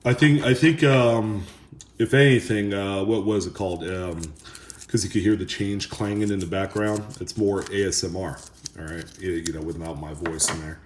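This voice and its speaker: A man hosting a coin roll hunting video, chatting casually and haltingly to viewers as he sorts coins. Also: low-pitched, steady tone, slight background noise. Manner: rambling, halting, talks to viewers. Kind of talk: casual chat while sorting coins. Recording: echoey room with coin clinking.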